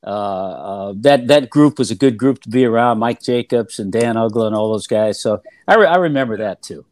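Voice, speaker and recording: An older man, guest and ex-player who later worked as a TV analyst, looks back on both careers in a relaxed interview. His lowish voice is expressive and a little mellow, moving at a moderate pace, recorded close and dry with no echo. The recollection rambles, heavy with fillers and restarts.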